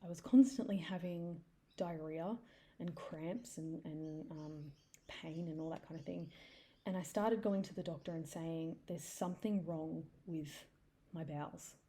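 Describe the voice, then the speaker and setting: Young adult woman, podcast host, frank confessional storytelling, slightly low warm tone. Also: measured pace. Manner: candid and confessional, with some swearing. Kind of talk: personal storytelling monologue.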